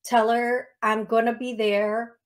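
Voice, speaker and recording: A woman with a fairly high voice hosts a radio call-in show as a psychic medium. She talks in a chatty, rambling way, restarting phrases and filling gaps with "um". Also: little pitch movement, slow. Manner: warm, chatty, frequent restarts and ums.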